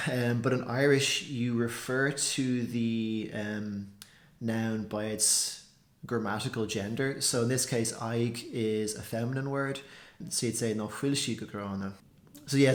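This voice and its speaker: A man talks through a language lesson in a relaxed, rambling way, dropping "like" and "so" into nearly every sentence. His voice sits at an ordinary middle pitch. The room around him gives it a noticeable echo. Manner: chatty, loose, full of "like" and "so" fillers. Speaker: language teacher. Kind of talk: casual explanatory lesson.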